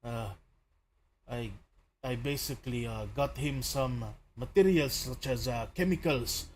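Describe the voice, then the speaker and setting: A man's voice: medium pitch, unhurried, slight background noise, close to an everyday voice. A man hamming up a grateful restaurant owner with a put-on Italian accent. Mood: defensive. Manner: hammy, pleading, welcoming.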